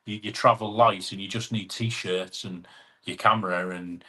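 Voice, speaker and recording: A man's voice: deep voice, steady tone, moderate pace, pushed and bright. Chatty English man hosting a live chat. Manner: chatty, matey, reads out viewer comments. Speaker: live stream host. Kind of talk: casual live chat reading comments.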